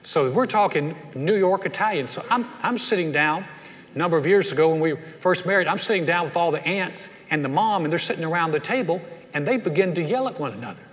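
A man's voice: fairly high pitch, quick pace. A middle-aged man from the Southern United States, preaching a sermon full of stories and acting out the people in them. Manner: animated, acts out voices in anecdotes. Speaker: pastor. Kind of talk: sermon with storytelling. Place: church sanctuary. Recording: long hall reverb.

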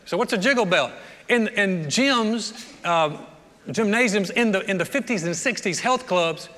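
A man, preaching a sermon, animated and joking, acting out the voices of the people in his stories. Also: sits high, measured pace, slight background noise. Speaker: pastor. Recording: long reverb of a large hall.

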